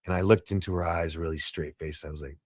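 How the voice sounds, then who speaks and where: A middle-aged man, a podcast guest, telling animated anecdotes and acting out the dialogue in shifting voices. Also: low voice, fast, dry recording, studio quality. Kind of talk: casual storytelling in a podcast interview.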